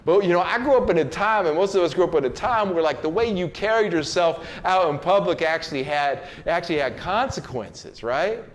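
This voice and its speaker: A man's voice: high voice, lively intonation, a little fast, hardly any pauses. Slangy man with a raised voice. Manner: loose, slangy street talk with many fillers and restarts; acts out quoted people in changed voices. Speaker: host giving a motivational message. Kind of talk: casual motivational monologue.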